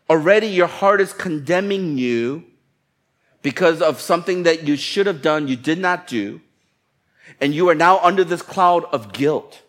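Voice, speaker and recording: A pastor with a slightly high, a bit bright voice preaches a little slowly but with animation. His sermon feels conversational and playful, as he acts out people's thoughts.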